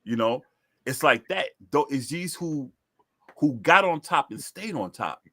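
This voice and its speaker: A man's voice: on the high side, lively intonation, measured pace, pushed and bright. A man co-hosting a casual podcast chat about sports, repeating himself to press his points. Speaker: podcast co-host.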